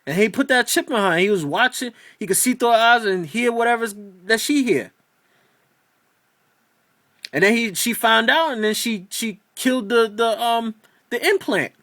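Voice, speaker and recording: A man's voice: extremely high pitch, animated, moderate pace, pushed and bright, no echo, studio quality. A man ranting in a casual video review of a TV episode, exasperated and profane, rambling with many restarts.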